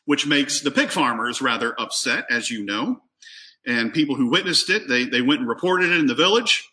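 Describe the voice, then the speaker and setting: A male preacher delivering a sermon, his pitch swinging widely as he moves from reading scripture to talking it through. His tone is bright and forceful. He keeps asking his listeners questions and sometimes doubles a word as he starts a phrase over. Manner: reads scripture aloud and asks the congregation questions; often repeats a word as he restarts.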